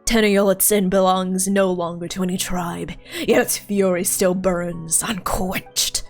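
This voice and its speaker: A solemn game storyteller reciting an old tribal legend, read by a woman, measured and grave in delivery. Faint game music plays underneath. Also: on the low side, flat delivery, pitched below the performer's own voice.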